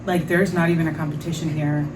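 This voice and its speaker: A woman hosting a podcast, telling a story in a frank, animated way, with lots of fillers and some swearing. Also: low voice, fast talker, far from the mic, background noise. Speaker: podcast host. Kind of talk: casual storytelling monologue.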